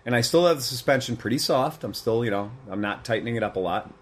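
A man's voice: medium pitch, lively intonation, fast. A man who runs a motorcycle shop, chatting casually and bluntly, with some swearing. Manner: blunt, profane, opinionated. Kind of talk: casual podcast chat.

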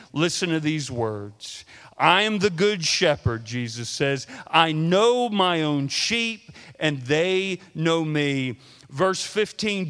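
Man, pastor, sermon, slow deliberate delivery, long hall reverb. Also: a little high. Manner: dramatic swings between loud preaching and hushed storytelling.

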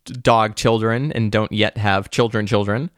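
A man's voice: on the low side, steady tone, normal speed, a bit bright, no room sound, studio quality. A man from the Boston area co-hosting a podcast, talking in an easygoing, hesitant way with fillers. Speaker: podcast co-host. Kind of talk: casual chat.

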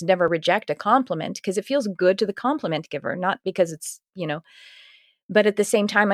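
A woman's voice: medium pitch, no room sound, studio quality. A woman hosting a podcast, chatting casually and rambling, with frequent restarts. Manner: rambling, restarts, acts out quoted voices. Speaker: podcast host.

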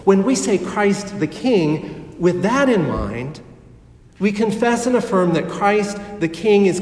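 A pastor delivering a sermon, speaking in a slow, measured way with dramatic pauses. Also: male voice, sits high, darkish tone. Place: church sanctuary. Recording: echoey hall heard from a distance.

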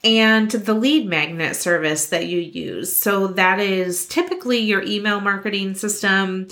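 A woman's voice: medium pitch, a little slow, fairly bright tone. A young adult woman hosting a podcast, giving earnest, encouraging business advice. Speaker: podcast host. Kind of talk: scripted podcast talk.

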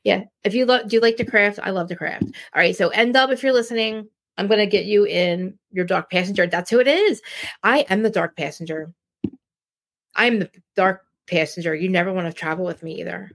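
A woman's voice: mid-range voice, fairly quick, vocal fry. A woman hosting a podcast, chatting casually and ranting about reality TV, rambling with many restarts. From New Jersey. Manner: rambling, animated, rants with frequent restarts. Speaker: podcast host. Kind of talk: casual chat.

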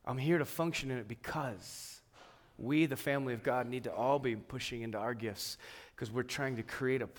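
A man preaching a sermon, swinging between emphatic, raised passages and quiet, hushed ones. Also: medium pitch, normal speed. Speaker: pastor.

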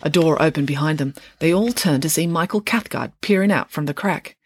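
A woman author reading her own children's book aloud in an expressive storyteller manner. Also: deep voice, brisk, husky, dry recording, studio quality. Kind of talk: audiobook narration.

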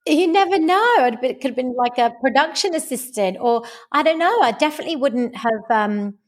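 A woman's voice: sits high, a little fast. A woman coaching on dating and relationships, chatting as a podcast guest and acting out the voices in her stories. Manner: animated storyteller who acts out quoted dialogue. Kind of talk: casual podcast interview.

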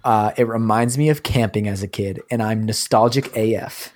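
A man's voice: fairly low pitch, moderate pace, a little mellow. A man speaking in a casual podcast chat, laid-back, with dry humor.

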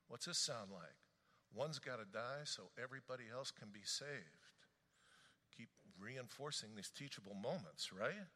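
Animated, bright-voiced male preacher. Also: medium pitch, unhurried. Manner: animated, conversational, reads scripture aloud. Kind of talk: sermon. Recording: long reverb of a large hall.

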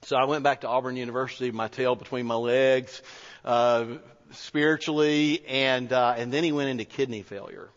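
A man's voice: mid-range voice, fairly even intonation, normal speed. Male pastor, conversational sermon storyteller, earnest, echoey hall. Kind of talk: sermon told as a personal story. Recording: echoey hall, dull lo-fi sound.

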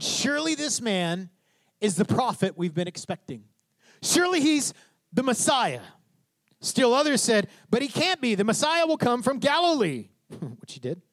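A man with a high, bright voice preaches a sermon, telling the story with energy and acting out quoted lines. The sound is close and dry, with no room echo. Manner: animated storytelling preacher, acts out quotes, asks "tracking?". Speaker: pastor.

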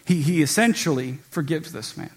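Husky-voiced man preaching earnestly. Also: expressive, moderate pace. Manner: earnest teaching tone, dropping low and soft on quoted scripture. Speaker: pastor. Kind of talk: sermon.

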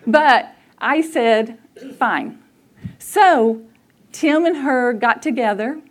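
A woman speaks in a high, bright voice. She is middle-aged and tells a family story to a church crowd. She talks animatedly, laughs often and acts out what people said. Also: animated, drawn-out words. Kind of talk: storytelling talk to a church audience.

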